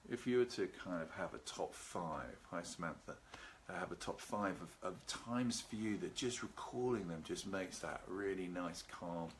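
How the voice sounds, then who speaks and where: Male host for a relaxation talk, low and calm, leisurely delivery. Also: a little hiss or hum. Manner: calm, unhurried, greets live viewers by name. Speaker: seminar host. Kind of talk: live video talk on relaxation. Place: at home with a garden behind.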